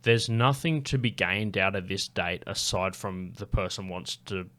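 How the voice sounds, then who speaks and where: A man's voice: sits low, fairly even intonation, normal speed, pushed and bright. A man in casual podcast chat, rambling with lots of fillers and restarts and frequent swearing. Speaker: podcast guest.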